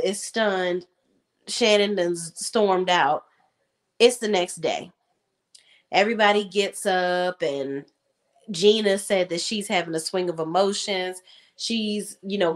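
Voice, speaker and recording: A woman hosting a casual reality TV recap, talking in slang and acting out cast members' lines in quick voices. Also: lowish voice.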